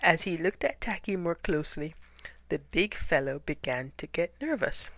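A woman reading a children's picture book aloud in an expressive way, dropping into dramatic whispers. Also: deep voice, unhurried, no room sound. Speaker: storyteller.

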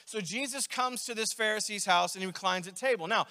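A man's voice: sits high, a little fast, pushed and bright. A young man, preaching a sermon in a conversational, self-deprecating way with rambling asides. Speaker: pastor. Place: church sanctuary. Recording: long reverb of a church hall.

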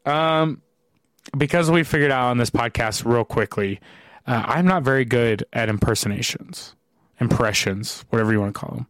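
A man's voice: mid-range voice, expressive, moderate pace, fairly bright tone, no room sound. A man hosting a casual podcast interview, asking questions loosely, laughing often and swearing freely. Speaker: podcast host.

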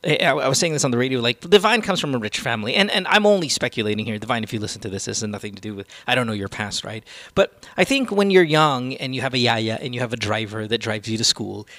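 Podcast host guy, bright edgy voice, swears a lot, very opinionated. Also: mid-range voice, lively intonation, quick pace, hardly any pauses, no room sound. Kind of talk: casual podcast rant.

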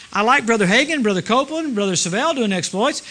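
A middle-aged man preaching a sermon at a church service, animated, swinging from loud exclamations to low murmurs. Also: fairly quick. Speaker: guest preacher.

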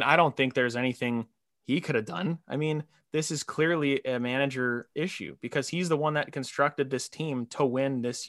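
A young man co-hosting a casual sports podcast, animated, laughing often and mimicking quotes. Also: mid-range voice, no room sound, clean studio sound. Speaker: podcast co-host.

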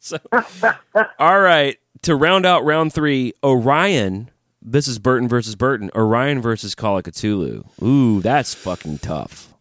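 A man co-hosting a metal podcast in casual chat, excitable, laughing often and swearing casually. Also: mid-range voice, measured pace, dry recording, clean studio sound. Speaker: podcast co-host.

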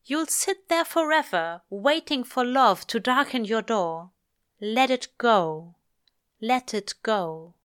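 A woman voicing an anxious, gentle male angel who pleads in a high, trembling voice. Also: lively intonation, slow, clear, resonant tone. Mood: despairing.

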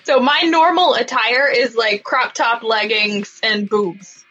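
Bright, high-voiced woman player. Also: expressive, a little slow, dull audio, soft background music. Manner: playful, laughing. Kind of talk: tabletop role-play.

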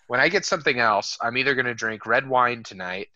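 A man's voice: mid-range voice, a little fast, sharp tone, no room sound, dull audio. A young adult man co-hosting a beer podcast, joking and swearing in casual banter over a video call. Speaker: podcast co-host. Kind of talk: casual chat.

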